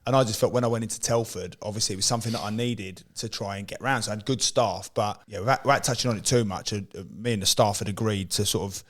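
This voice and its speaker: A man's voice: lowish voice, fast talker, hardly any pauses. A man in his forties, a former footballer co-hosting a casual podcast chat, telling rambling stories full of repeated words and restarts.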